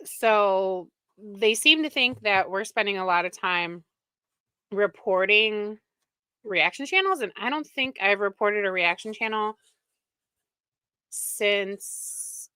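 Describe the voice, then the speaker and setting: A woman's voice: mid-range voice, sharp tone, smooth, no room sound. A woman hosting a live stream, chatting casually and with exasperation, laughing often, close to the microphone. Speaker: livestream reaction host.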